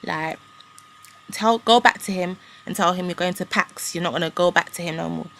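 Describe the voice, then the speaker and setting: A shrewd, hustling older salon owner with an African accent, as a young woman puts her on, talking in a brisk, matter-of-fact way. Her low voice has a gravelly rasp to it. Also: a bit bright, a little hiss or hum. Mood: advising.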